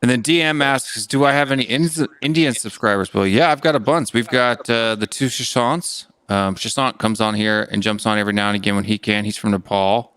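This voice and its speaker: A man's voice: fairly low pitch, a little fast, few pauses, fairly bright tone, clear, resonant tone. An American man hosting a football fan livestream, chatty and thinking aloud with frequent fillers. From United States. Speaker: livestream host. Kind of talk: casual livestream chat.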